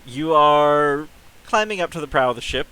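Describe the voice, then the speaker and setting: A man's voice: fairly high pitch, animated, normal speed, bright, forceful tone, smooth, low-quality recording. A man running a tabletop game as game master, narrating scenes and ruling on dice with dry humor. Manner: wry, laughs at players.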